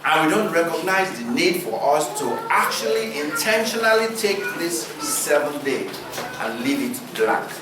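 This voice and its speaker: A man preaching a sermon, asking his listeners rhetorical questions and using deliberate pauses for effect. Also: a little high, very animated, noisy background. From Nigeria. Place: church hall. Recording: roomy hall recording, distant mic.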